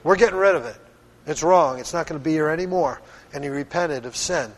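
A man's voice: fairly high pitch, brisk. A middle-aged man from Pennsylvania preaching a sermon as pastor, earnest and firm in a conversational way. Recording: long hall reverb.

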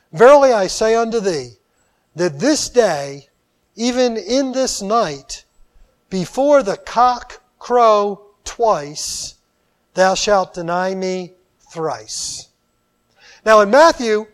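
A man preaching a sermon, animated, with loud emphatic phrases that drop into quiet, drawn-out endings. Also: high voice.

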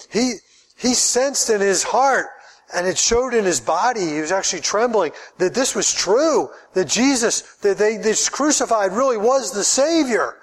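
A man, a pastor, preaching a sermon in an earnest way, often repeating words as he builds his point. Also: high voice.

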